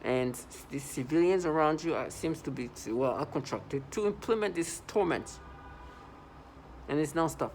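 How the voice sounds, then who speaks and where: A medium pitch and darkish tone mark this male vlogger, heard on a low-quality recording with a little hiss or hum. He keeps repeating himself urgently in his first-person video, using "like" constantly as he moves between points.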